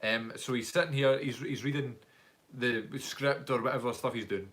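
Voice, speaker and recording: A man's voice: mid-range voice, moderate pace, a bit bright. A young man with a Glaswegian accent, chatting casually on a live stream Q&A as a YouTuber and actor, rambling through stories and laughing often. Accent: Glaswegian Scottish. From Scotland.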